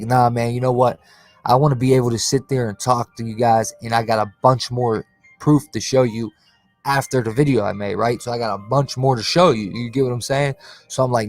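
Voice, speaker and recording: A man's voice: medium pitch, steady tone, fairly quick, dry recording, faint music behind. A man hosting his own channel, ranting casually on a livestream, confrontational and slangy, tacking "bro" and "cuz" onto his lines. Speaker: conspiracy channel host.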